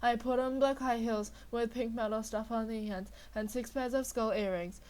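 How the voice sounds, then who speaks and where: A young woman with a slightly high voice and a sore throat gives a mock-dramatic comedic reading. She delivers the lines with exaggerated flair, then drops into exasperated, sarcastic asides. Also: steady tone, normal speed, darkish tone. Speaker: dramatic reader of a fanfic.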